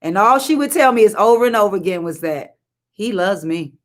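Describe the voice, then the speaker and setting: Animated and quick, a middle-aged woman of medium pitch delivers a live-streamed sermon full of emphatic repetition. She tosses sassy, colloquial call-outs to her listeners.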